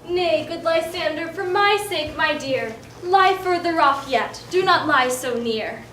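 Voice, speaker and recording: A woman as a gentle, very high-voiced maiden. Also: expressive, measured pace, slight background noise, heavily acted. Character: Hermia, gentle modest young woman. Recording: echoey, from far off.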